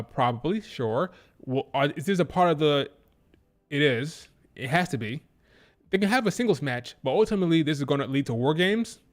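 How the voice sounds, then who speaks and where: A man giving a casual live-stream review, animated and opinionated, who repeats his points for emphasis. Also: fairly high pitch. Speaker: wrestling show reviewer.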